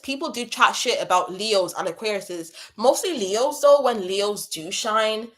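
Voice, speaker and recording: A woman hosting a casual livestream as a spiritual coach, passionately chatting, repeating herself and giving viewers shout-outs. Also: mid-range voice. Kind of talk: casual livestream chat reading out comments.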